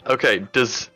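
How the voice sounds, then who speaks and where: A man playing in a tabletop game, joking, swearing and excitable. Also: mid-range voice. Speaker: player. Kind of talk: casual tabletop play.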